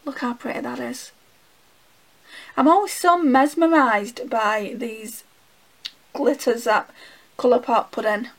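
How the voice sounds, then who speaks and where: Slow, gravelly Northern English woman. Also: fairly high pitch, fairly even intonation, poor audio. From England. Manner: chatty, talking to herself while swatching. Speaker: beauty vlogger. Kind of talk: casual makeup swatch review.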